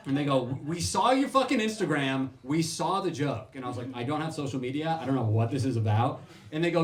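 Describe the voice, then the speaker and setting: A young man doing a stand-up comedy set on a club stage, swearing freely and acting out the people in his stories. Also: mid-range voice. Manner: animated, swearing, acting out quoted voices. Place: comedy club stage before a laughing crowd. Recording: roomy club sound with crowd laughter.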